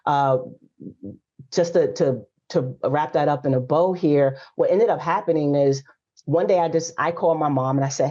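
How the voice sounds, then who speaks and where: Lively woman in her forties, lo-fi sound. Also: sits low, normal speed. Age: 40s. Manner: lively storytelling, frank and emphatic. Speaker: guest coach. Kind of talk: casual podcast conversation. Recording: slightly dull lo-fi audio.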